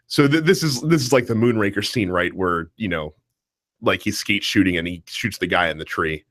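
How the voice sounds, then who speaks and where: A man co-hosting a podcast, chatting casually about a film, animated and laughing, full of fillers and restarts. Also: on the low side, normal speed. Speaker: podcast co-host. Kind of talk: casual movie discussion.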